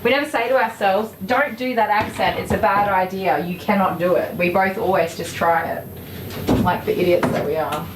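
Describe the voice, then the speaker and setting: A woman's voice: medium pitch, normal speed, distant mic. Chatty Australian woman in an echoey room. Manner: chatty, giggly, talks to viewers and the dog. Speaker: dog groomer and livestream host. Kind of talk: casual livestream chat. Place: grooming salon. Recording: echoey room with loud background noise.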